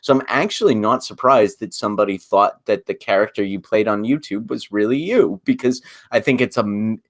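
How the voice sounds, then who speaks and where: Low-voiced man hosting a podcast. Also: fairly quick, few pauses, dry recording, studio quality. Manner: thoughtful, searching for words mid-sentence. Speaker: podcast host. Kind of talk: analytical podcast discussion.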